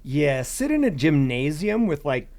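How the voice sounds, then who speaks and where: A man's voice: fairly high pitch, big pitch swings, measured pace, darkish tone. A man chatting as a podcast guest about long-distance hiking, rambling with restarts and "you know". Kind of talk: casual podcast chat.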